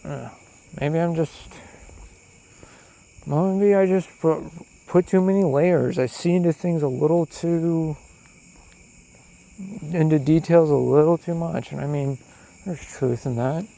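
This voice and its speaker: Gravelly man rambling outdoors at night. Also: a little high, slow, long pauses, rough recording. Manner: profane, animated, questioning. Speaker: solo podcaster. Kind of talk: rambling monologue. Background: crickets and insects.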